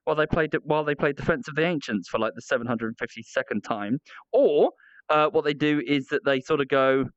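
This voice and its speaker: A man's voice: mid-range voice, a little fast, fairly bright tone, smooth, dry recording. A man livestreaming, chatting casually with rambling, self-mocking banter.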